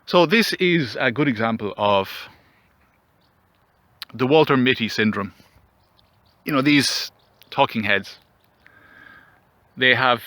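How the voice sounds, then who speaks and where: A man delivering a mock-dramatic comedic monologue outdoors, mock-solemn and rambling, with theatrical pauses. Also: mid-range voice, lively intonation, bright, forceful tone, dry recording. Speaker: commentary vlogger.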